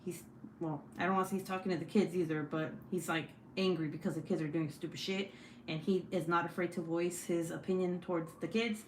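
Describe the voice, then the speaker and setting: A woman's voice: lowish voice, fairly even intonation, fairly quick. A young woman hosting a casual craft livestream, reading out comments, rambling and swearing casually between laughs. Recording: echoey room with faint hiss.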